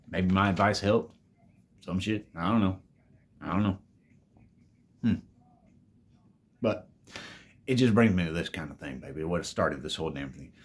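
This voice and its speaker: A man casually telling a storytime tale to his viewers, laid-back and full of swearing, calling them babies. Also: deep voice. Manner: profane, laid-back, calls listeners "babies".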